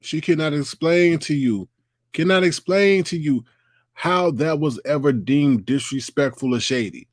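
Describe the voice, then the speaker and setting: A man's voice: a little high, unhurried, no room sound. Ranting man hosting a live online show. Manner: ranting, mocking impressions of others. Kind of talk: casual livestream commentary.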